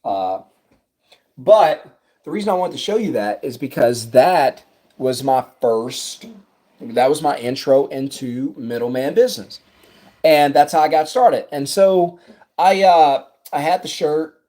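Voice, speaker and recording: A man in his thirties with a South Louisiana accent, a business coach telling a story to camera in his office in an animated, conversational way. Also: mid-range voice, measured pace. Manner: animated, conversational, acts out dialogue.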